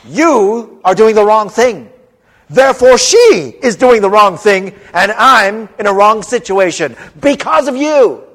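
A man in his fifties voicing an indignant, exasperated woman who bursts in shouting her complaint during a sermon. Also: medium pitch, expressive, unhurried, voice pushed up. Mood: accusing.

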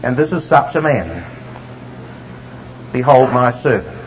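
A man preaching a sermon, emphatic and slowing down to stress the scripture he reads. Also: medium pitch, animated, a little hiss or hum. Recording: dull lo-fi recording.

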